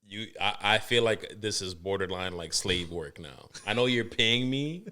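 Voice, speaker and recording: A man hosting a podcast in casual chat, his voice sitting a bit low. He talks in an animated, profane way and often breaks into laughter. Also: moderate pace. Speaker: podcast host.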